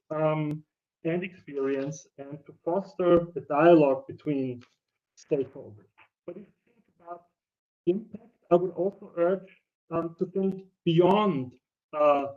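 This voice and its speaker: A hesitant man speaking on an online panel, his voice somewhat high for a man yet dark and mellow in tone. He often pauses and restarts his phrases. The remote audio is dull and lo-fi, as if he sits back from his mic. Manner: hesitant, many filler sounds and restarts. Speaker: panel speaker, senior researcher. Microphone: remote call, mic too far away.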